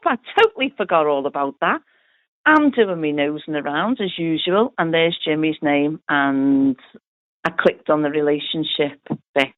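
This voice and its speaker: Chatty Liverpool woman telling her story. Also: deep voice. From Liverpool, England. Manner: chatty, animated retelling with quoted dialogue. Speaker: interviewee. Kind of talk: personal storytelling in an interview. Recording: tinny phone-like audio.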